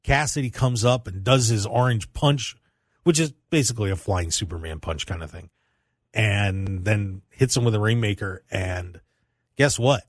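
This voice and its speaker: A man's voice: moderate pace, no echo, studio quality. A man hosting a wrestling radio show, chatting casually and teasing his co-host. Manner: animated, teasing, jumps high in pitch when reacting.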